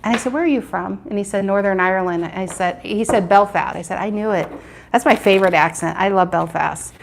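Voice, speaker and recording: A woman's voice: medium pitch, fairly quick, vocal fry, slight background noise. A woman doing a live tarot reading, chatting with viewers and repeating her questions as she turns the cards. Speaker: tarot reader.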